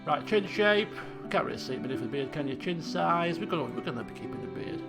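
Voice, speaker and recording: This man talks fast in a creaky, animated voice on the high side while streaming a video game. His casual live commentary is chatty and self-mocking, with frequent restarts and laughs, and faint guitar music is audible behind.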